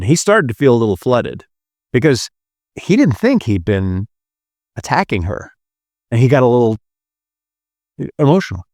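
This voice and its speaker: A man's voice: medium pitch, a little mellow, no echo, studio quality. A man hosting a relationship podcast, teaching through a retold story in an earnest, emphatic way.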